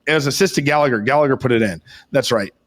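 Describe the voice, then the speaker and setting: A hoarse young man co-hosting a podcast, telling a long excited story in rambling, swear-heavy casual chat. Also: mid-range voice, fast talker. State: hoarse, voice worn from shouting. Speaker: podcast co-host.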